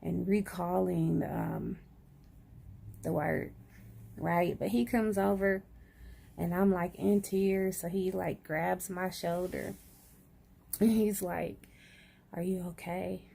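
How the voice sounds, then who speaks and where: A woman's voice: fairly low pitch, slow, gravelly, long pauses, warm tone, husky. A woman chatting casually to camera, groggy after surgery, sprinkling "y'all" through her talk. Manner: chatty, says "y'all" often. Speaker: vlogger.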